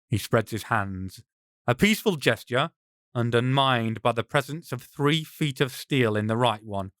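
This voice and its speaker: A man's voice: medium pitch, expressive, a little slow, a bit bright, clean tone, dry recording, clean studio sound. A man, the author, reading his own novel aloud in dramatic, tense first-person audiobook narration.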